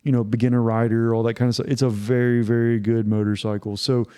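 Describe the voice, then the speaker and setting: Mellow-voiced man, opinionated podcast host. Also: medium pitch, little pitch movement, fast, smooth. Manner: opinionated and enthusiastic, full of restarts and "like". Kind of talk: casual podcast chat.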